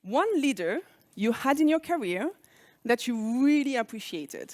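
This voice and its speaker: Woman keynote speaker, French accent, fairly high and very animated, dry close sound, engaging. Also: measured pace, no room sound. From France. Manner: engaging, asks the audience reflective questions. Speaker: speaker on leadership. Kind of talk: conference keynote talk.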